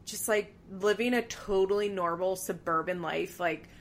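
A woman co-hosting a podcast, chatting casually and loosely. Her voice sits at a middle pitch, and her talk is full of fillers and easy laughter. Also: moderate pace. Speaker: podcast co-host. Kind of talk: casual chat recapping a reality show.

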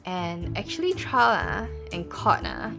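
A woman's voice: fairly low pitch, huge pitch swings, measured pace, creaky, over music. A Singaporean woman hosting a casual true-crime podcast, chatty and full of fillers. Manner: chatty, lots of likes and lah. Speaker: podcast host.

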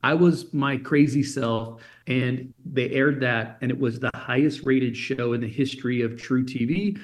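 A man's voice: medium pitch, unhurried. A man from Germany, a guest in an interview, telling a story with energy and acting out the voices of the people in it. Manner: energetic, acts out quoted voices. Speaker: podcast guest.

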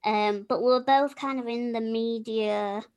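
A woman's voice: fairly high pitch, fairly even intonation, a little slow, darkish tone. A young woman hosting a podcast in casual chat, chatty, laughing often and filling her talk with "like". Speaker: podcast host.

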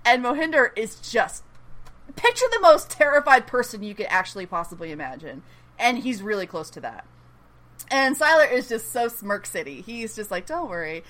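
A woman hosting a podcast, recapping a TV episode in casual chat, excitable and quick to laugh and swear. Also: a little high. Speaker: podcast host.

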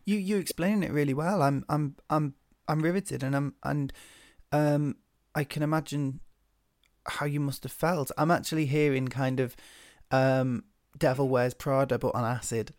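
A host quietly affirming a guest's story with short, soft remarks. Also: mid-range voice, fairly even intonation, moderate pace, no room sound, studio quality. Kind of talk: supportive interviewer.

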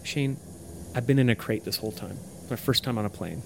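A man's voice: mid-range voice, fairly quick, creaky. A man improvising a comedy sketch, playful and often dropping to a conspiratorial whisper. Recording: faint background noise.

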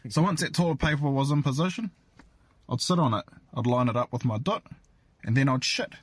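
A man's voice: medium pitch, a little fast, breathy edge. A man with a strong New Zealand accent leaving a voice message, telling a crude story and chuckling through it. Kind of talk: voice message anecdote.

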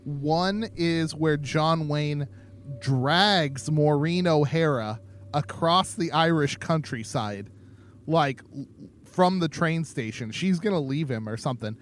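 Tipsy rambling podcast guy, slightly high voice. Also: takes it slowly, a little hiss or hum. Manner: rambling, laughs often. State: tipsy from drinking. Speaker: podcast co-host. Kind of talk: casual chat.

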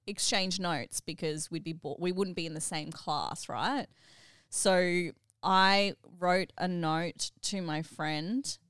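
A middle-aged woman co-hosting a podcast, telling stories in an animated, emotional way. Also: low-pitched, no echo, studio quality. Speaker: podcast co-host. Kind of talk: casual chat.

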